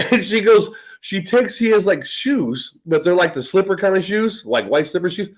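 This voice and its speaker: High-voiced man telling rambling stories. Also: expressive, normal speed. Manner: profane, rambling, laughing often. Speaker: host. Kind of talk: casual storytelling chat.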